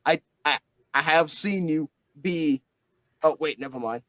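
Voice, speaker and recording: A swearing, rambling male book spirit with a put-on Australian accent, as a game master puts him on, pitched well above the man's own voice. He calls everyone mate. It is a tabletop game character voice, dry and close to the mic. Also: a little slow, a bit bright, no room sound, poor audio. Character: crude, chatty male spirit trapped in a book.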